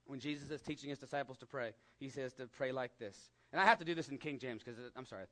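A man with a West Texas accent preaching a sermon in a conversational way, rising to emphatic peaks and dropping to hushed asides. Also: mid-range voice, fast. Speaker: pastor.

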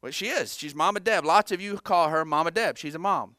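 Bright, high-voiced animated preacher man. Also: a little fast, dry recording, studio quality. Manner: animated, joking asides to the congregation. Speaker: pastor. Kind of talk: sermon. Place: church sanctuary.

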